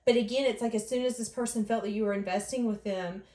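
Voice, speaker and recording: A woman's voice: fairly high pitch, steady tone, quick pace, warm tone, roomy sound. A woman giving an earnest, emotional tarot reading, voicing other people's thoughts in the first person. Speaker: tarot reader.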